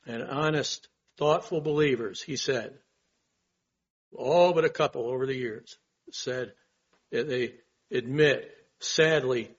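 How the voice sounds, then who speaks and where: A man's voice: medium pitch, slow pace, slightly rough, lo-fi sound. A male pastor preaching a sermon in an earnest way, asking rhetorical questions and swelling on his key points.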